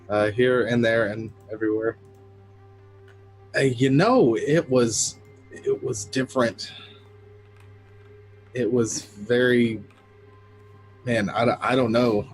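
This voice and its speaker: Halting gamer guy, lots of um and uh, soft music under. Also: medium pitch, rough recording. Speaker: player. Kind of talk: casual post-game chat.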